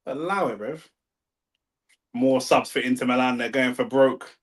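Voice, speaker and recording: A young man with a London accent, talking slangy and excitable over a live football match and arguing with his chat. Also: mid-range voice, unhurried. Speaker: watch-along streamer. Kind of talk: live football watch-along commentary.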